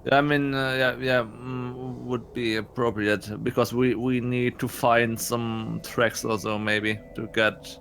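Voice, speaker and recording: Guy playing a tabletop game, stops and starts a lot, slow, um-heavy. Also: medium pitch, level tone, fairly bright tone, a little hiss or hum. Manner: halting, hesitant, many fillers. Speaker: player.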